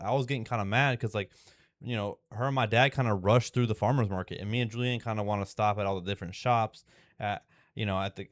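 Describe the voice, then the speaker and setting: A young man with a fairly low, smooth, resonant voice rambles through a personal story, tripping over fillers and restarts. He sounds exasperated and swears casually. The sound is close and dry. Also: no echo. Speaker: vlogger.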